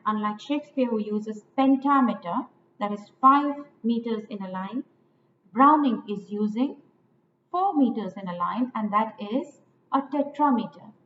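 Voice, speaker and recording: A woman lecturing on poetic meter, slow and deliberate, repeating lines and stressing each syllable. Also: on the high side. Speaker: literature teacher. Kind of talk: poetry lecture. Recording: echoey, tinny phone-like audio with faint noise.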